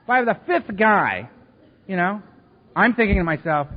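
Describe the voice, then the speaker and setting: A man speaking at a recovery meeting, telling his story in an animated, self-mocking way. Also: high voice, moderate pace, pauses often. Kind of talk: storytelling talk to a live meeting. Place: meeting hall. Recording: echoey hall, dull lo-fi sound.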